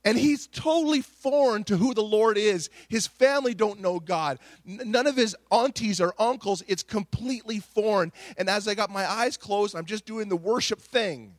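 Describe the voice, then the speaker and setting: A middle-aged male pastor preaches with passion, his voice sitting high for a man. He stumbles over repeated words and restarts phrases as he builds a story. The sound is dry and close, with no room echo. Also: normal speed, hardly any pauses. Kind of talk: Pentecostal sermon.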